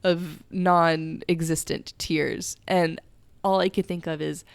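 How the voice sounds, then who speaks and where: A woman's voice: on the low side, fairly even intonation, slow pace, gravelly, clear, resonant tone, dry recording. A young woman hosting a podcast, talking in a whispered role-play style, candid and emotional and swearing freely. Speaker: podcast host. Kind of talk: soft-spoken personal reflection.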